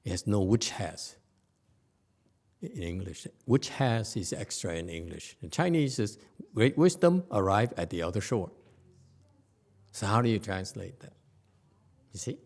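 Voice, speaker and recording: A man's voice: lowish voice, very animated, measured pace, creaky, long pauses, darkish tone. A man giving a conversational Buddhist sutra lecture, often stopping to question his audience. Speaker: Buddhist teacher.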